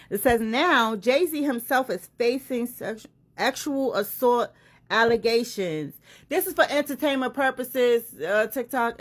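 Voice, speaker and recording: Animated woman reading and reacting to gossip. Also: on the high side. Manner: animated, exclaiming and interrupting her own reading. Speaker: commentator reading celebrity news. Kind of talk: casual commentary reacting to an article.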